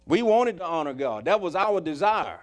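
A man preaching a sermon, telling a personal story in a folksy way that swings from loud to hushed. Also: high voice, very animated, moderate pace, soft background music. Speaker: pastor.

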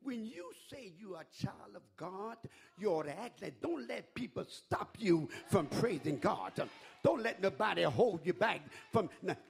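Hollering preacher with a gravelly high voice. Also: male voice, expressive, measured pace. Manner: shouting, whooping preaching with call-and-response. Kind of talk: sermon.

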